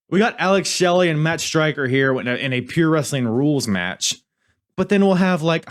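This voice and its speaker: A man hosting a podcast in casual review chat, rambling and swearing, often cutting himself off mid-sentence. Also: medium pitch. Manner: rambling, profane, self-interrupting. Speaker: podcast host.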